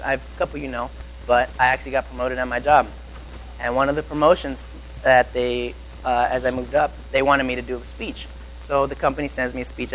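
A young man preaching and telling a lively personal story, acting out the people in it. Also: medium pitch, poor audio.

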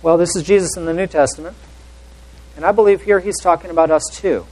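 A man's voice: high voice, fairly even intonation, quick pace, poor audio. A man preaching a sermon and reading scripture aloud in an earnest, questioning way, sometimes dropping almost to a whisper. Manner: varies loudness widely, drops to near whisper.

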